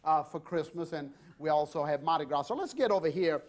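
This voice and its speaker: A man's voice: on the high side, expressive, fairly quick. A middle-aged man hosting a cooking show, chatting jovially with guests and crew while he demonstrates a recipe with a loose, unscripted flow. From Louisiana. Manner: loose unscripted delivery with many fillers. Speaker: TV cooking show host and chef.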